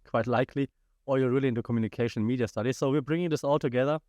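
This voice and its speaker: A man's voice: mid-range voice, rapid-fire, darkish tone, no echo. A man hosting a casual solo podcast, sick and talking around a cough drop in a chatty, playful, self-deprecating way. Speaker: podcast host.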